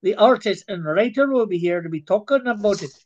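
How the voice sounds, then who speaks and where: A man's voice: sits high, lively intonation, brisk, lo-fi sound. A man hosting a live stream in casual chat, reading viewer comments aloud, rambling and stumbling over his words.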